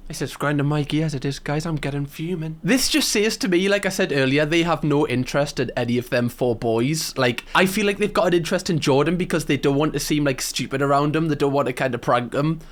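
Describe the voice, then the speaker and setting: A man's voice: on the high side, brisk, hardly any pauses. Chatty young man reacting. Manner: chatty, sarcastic, lots of "like". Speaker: YouTube reactor. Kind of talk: casual reaction commentary.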